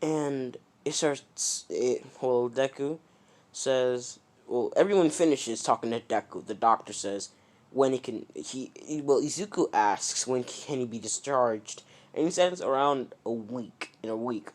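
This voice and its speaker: A man's voice: mid-range voice, a little slow. A young man casually narrating an improvised fan story, rambling with many restarts and self-corrections.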